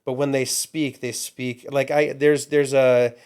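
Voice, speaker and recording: A man's voice: mid-range voice, little pitch movement, measured pace, darkish tone, clean tone. A man chatting casually as a podcast co-host, often restarting his sentences. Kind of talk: casual chat.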